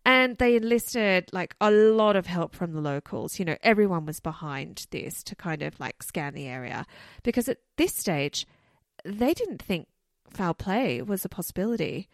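Co-hosting a podcast, a woman recounts a case as casual storytelling, chatty and loose with many "like" and "you know" asides. Her fairly low voice is animated and at a normal speed. The sound is dry and clean, from a studio.

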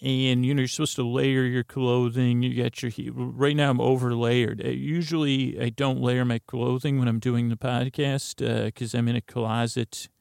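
A man's voice: mid-range voice, flat delivery, normal speed, hardly any pauses, a little mellow, no echo, studio quality. A man hosting a sleep podcast, talking in a meandering, self-correcting ramble full of fillers and drifting asides. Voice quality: creaky, gravelly. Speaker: podcast host. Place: closet. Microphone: close studio mic.

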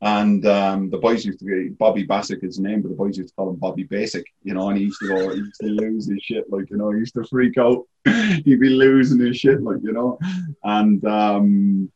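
Deep-voiced Irish man telling stories. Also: fairly even intonation, normal speed, a little mellow, highs cut off. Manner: rambling, frequent "like, you know" fillers. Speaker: guest, former goalkeeper. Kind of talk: casual storytelling.

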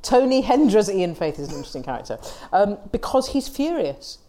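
A woman co-hosting a podcast, discussing a film in a thoughtful, animated way. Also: medium pitch, a little fast, slight background noise. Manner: thoughtful, animated, laughs often. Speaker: podcast co-host. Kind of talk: casual chat about a film.

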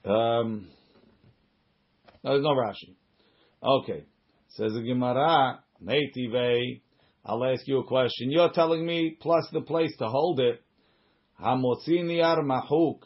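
Guy teaching talmud, reads the text then explains in english, kinda husky voice, dull lo-fi sound. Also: mid-range voice, measured pace, long pauses. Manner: reads Hebrew and Aramaic then explains in English, with restarts and side remarks. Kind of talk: Talmud study class, reading and translating.

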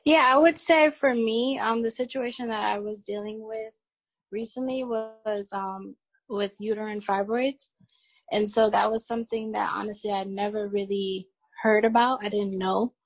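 A woman guest on a video call, thoughtfully sharing a personal account with many pauses. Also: mid-range voice, steady tone, no echo.

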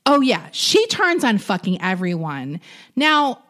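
A woman's voice: mid-range voice, very animated, a little slow, a bit bright. A woman co-hosting a casual chat, telling a story with lots of laughter and casual swearing. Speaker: podcast co-host recapping reality TV.

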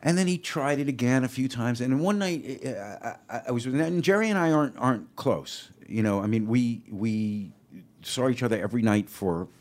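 An older man, a comedian, chatting casually and telling animated stories, acting out the quoted exchanges in them. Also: mid-range voice, normal speed. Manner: animated storyteller who acts out quoted exchanges. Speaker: comedian guest. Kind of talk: casual chat, storytelling.

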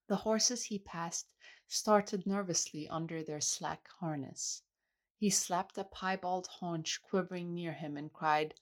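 A woman reading a literary novel aloud in a measured, even way. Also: fairly low pitch. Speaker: audiobook reader. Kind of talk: literary audiobook narration.

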